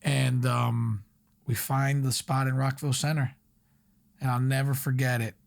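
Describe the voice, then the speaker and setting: Young man telling stories fast and loose. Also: medium pitch, creaky. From Long Island, New York. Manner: energetic storyteller, many fillers like "like". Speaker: restaurant owner guest. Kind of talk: casual podcast interview.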